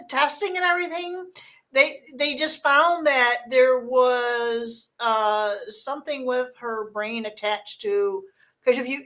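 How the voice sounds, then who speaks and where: A woman's voice: fairly high pitch, fairly bright tone. A woman from the United States chatting casually, rambling with many restarts. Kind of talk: casual chat.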